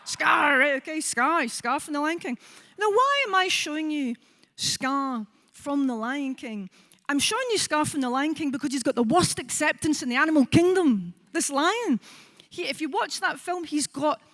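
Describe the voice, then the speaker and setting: A Scottish woman in her forties, a psychologist giving a conference talk, lively and engaging, often checking in with the audience. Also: high voice, normal speed. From Scotland. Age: 40s. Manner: lively, asks the audience with frequent "right?" and acts out quoted voices. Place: conference hall.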